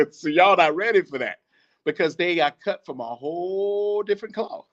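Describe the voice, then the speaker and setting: Podcast host, male: high voice that jumps all over, preachy and profane, dull lo-fi audio. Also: measured pace. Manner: animated, swearing, laughs often, preachy. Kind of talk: casual monologue.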